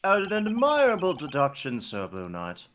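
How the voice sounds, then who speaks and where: A man's voice: on the high side, huge pitch swings, normal speed, background noise. A man reading out a stern male inquisitor's formal courtroom lines from a game, over game music. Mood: solemn. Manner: formal, solemn courtroom speech read aloud. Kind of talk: reading game dialogue aloud on a stream.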